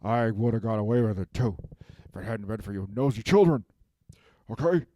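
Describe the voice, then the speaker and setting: In a comedic self-tape monologue, a man plays a sulky villain whining about being unmasked, rambling and tacking "okay?" onto his gripes. His warm, mellow voice is fairly low, expressive, a bit fast and close to everyday speech, recorded close and dry with no room sound. The mood is whiny and aggrieved.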